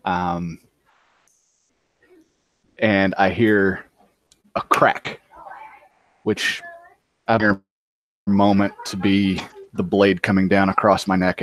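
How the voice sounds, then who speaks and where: Slow, low-voiced man playing a tabletop game. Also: level tone, a bit bright, no room sound. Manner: halting, many ums. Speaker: player. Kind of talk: describing character actions in a tabletop game.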